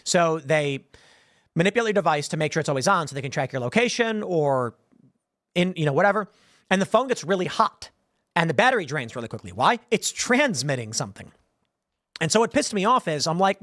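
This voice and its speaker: Animated, rambling male show host. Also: on the high side, a little fast, dry recording, studio quality. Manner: rambling, joking, animated asides. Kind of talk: casual livestream commentary.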